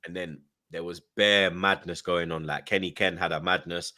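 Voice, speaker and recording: His voice sits low and his pace is moderate as this young man, a guest on a podcast, recounts an animated story. Excitable and slangy in a London way, he acts out the quoted dialogue.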